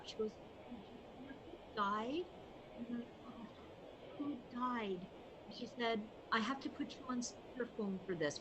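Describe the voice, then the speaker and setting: A woman guest on a talk show, casually telling a lively anecdote. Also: fairly high pitch, background noise. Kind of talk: casual chat, storytelling.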